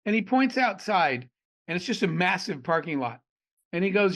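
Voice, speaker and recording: A middle-aged man from Arizona, an entrepreneur guest on a podcast, telling animated stories and acting out the dialogue. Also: on the high side, a little slow. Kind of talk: storytelling in a podcast interview.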